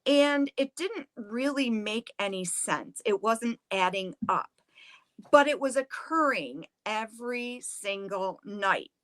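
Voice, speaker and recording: A woman's voice: fairly high pitch, takes it slowly, no echo. A middle-aged woman, a museum director, telling a historical story with drama and acting out the quotes. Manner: animated, acts out the quotes.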